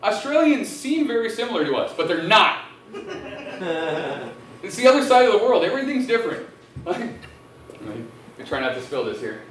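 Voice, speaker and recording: A male stand-up comic working a restaurant stage with a handheld mic, crude and loud, often laughing at his own jokes. His pitch sits high and leaps around. The sound echoes in a room and comes from a distance. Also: very animated, normal speed, long pauses, slight background noise. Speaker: stand-up comedian. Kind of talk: live stand-up set. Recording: echoey room heard from afar.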